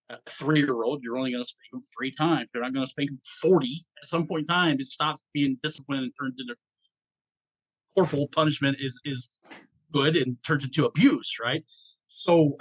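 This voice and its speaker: A middle-aged man from Georgia, a podcast host telling a personal story in a halting, emotional way with many restarts. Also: mid-range voice, dry recording.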